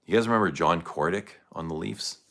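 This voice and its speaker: A man's voice: deep voice, a little fast, gravelly, fairly bright tone. A man hosting a casual fragrance livestream, rambling loosely and reacting to viewer comments. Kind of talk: casual livestream chat answering chat.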